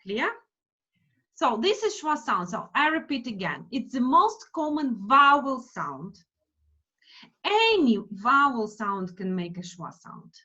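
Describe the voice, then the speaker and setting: Slow, lively woman teacher. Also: on the high side, breathy edge. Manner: slow, careful, repeats words for drilling. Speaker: English phonics teacher. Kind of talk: online class teaching. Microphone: video call. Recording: dull lo-fi online call audio.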